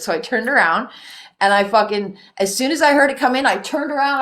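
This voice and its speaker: Animated, swearing woman telling a story. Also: on the high side, fast talker. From Canada. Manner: animated storyteller, swears freely, laughs often. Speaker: host. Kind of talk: casual chat.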